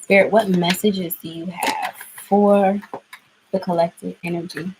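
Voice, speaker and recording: A woman's voice: lowish voice, fairly even intonation, a little slow, noisy background. Chatty woman doing a tarot reading. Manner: chatty, laughs often, easily startled. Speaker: tarot reader. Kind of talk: casual tarot reading vlog.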